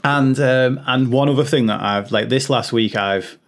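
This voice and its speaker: Male podcast host, mid pitch, casual, laughs a lot, talks in restarts. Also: moderate pace, slight background noise. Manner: chatty, laughs often, many restarts. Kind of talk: casual chat.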